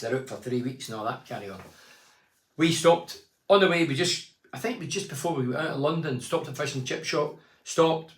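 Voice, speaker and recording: A man in his sixties with a slightly high voice, chatting casually as a phone-in host. He reads out fans' messages and drifts into long stories. The room is echoey. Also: a bit bright. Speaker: phone-in show host and former footballer.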